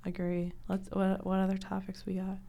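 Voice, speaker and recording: Young woman, podcast co-host, dry, blunt, casual, mid-pitched. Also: monotone, moderate pace, vocal fry, dark tone. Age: young adult.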